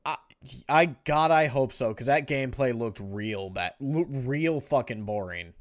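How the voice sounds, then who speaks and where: A man's voice: mid-range voice, lively intonation, measured pace, crowd noise. A man chatting casually on a gaming podcast, blunt and joking, swearing freely. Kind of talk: casual podcast chat about games.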